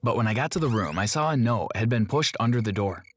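A man giving scripted first-person narration of an animated story in a plain, steady telling. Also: lowish voice, quick pace, slight background noise. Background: background music.

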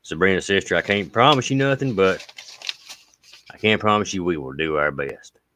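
A man with an Appalachian accent and a smooth voice, hosting a casual livestream and reading viewer mail in a folksy way, with long drawn-out thanks. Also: low voice, sharp tone, a little hiss or hum.

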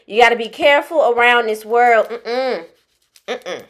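A woman's voice: on the high side, unhurried. A woman breaking in with emphatic, repeated exclamations during a story. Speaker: reactor. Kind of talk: casual reaction commentary.

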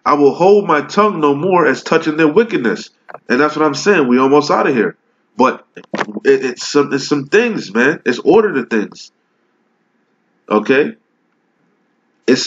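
A man with a fairly high voice preaches in a heated, cursing rant, stopping after each point to demand "okay?" The recording is muffled and lo-fi. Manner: rants, swears, punctuates every point with "okay?". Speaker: street preacher. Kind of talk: fiery profane sermon.

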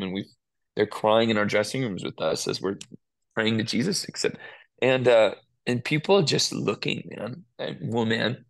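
Earnest gravelly-voiced man in conversation. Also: fairly low pitch, animated, normal speed. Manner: earnest, emotional, rambling with restarts. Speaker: worship musician. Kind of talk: casual interview talk.

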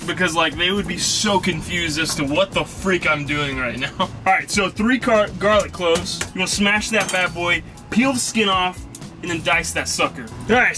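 Casting note: high-pitched male vlogger, jokey and rambling, cooking in a van with music behind. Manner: jokey, rambling, self-mocking. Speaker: vlog host. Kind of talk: casual cooking vlog. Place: inside a van in a parking lot.

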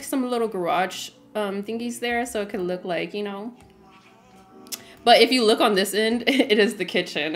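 A woman livestreaming a game, chatting casually, with lots of fillers, frequent laughs and greetings to her viewers. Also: a little high. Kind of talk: casual livestream chat while playing.

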